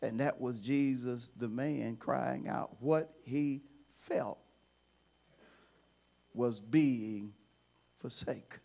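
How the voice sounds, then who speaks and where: A man, a bishop, preaching a sermon in a fiery call-and-response style that swings from hushed asides to shouting. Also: mid-range voice, drawn-out words, creaky, long pauses.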